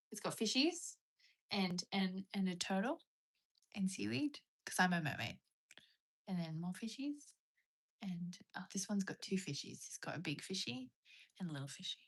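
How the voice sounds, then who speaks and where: A young Australian woman hosts a casual livestream, reading out viewer comments as she chats in a rambling, self-mocking way. Her mid-range voice sounds pushed and bright.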